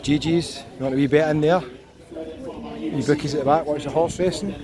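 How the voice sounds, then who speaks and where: A man's voice: on the high side, normal speed, crowd noise. A man with a Scottish accent chatting casually as he walks down a resort street, pointing out bars and shops to his camera. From Scotland. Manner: chatty, relaxed tour guide, pointing out places as he walks. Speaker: walking tour vlogger. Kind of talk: casual walking commentary. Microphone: handheld camera while walking. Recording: street noise behind the voice. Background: outdoor traffic and street ambience.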